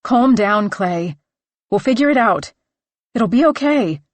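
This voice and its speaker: Woman doing an anxious young climber, pleading calm. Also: a little high, unhurried, no echo, pitched above the performer's own voice. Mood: urgent, soothing. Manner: urgent, soothing, pleading. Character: young woman climber, tense but calming.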